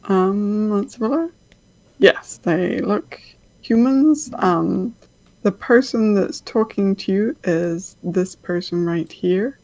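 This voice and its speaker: A woman narrating as game master of a tabletop game, unhurried and hesitant, often pausing on fillers. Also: medium pitch, a little mellow, dry recording, rough recording.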